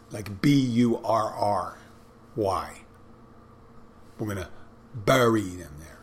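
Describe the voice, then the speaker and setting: Philly-middle-aged man, loose rambling talk, salty language, mid-pitched. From Philadelphia, Northeast. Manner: rambling, profane, folksy. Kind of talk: casual monologue.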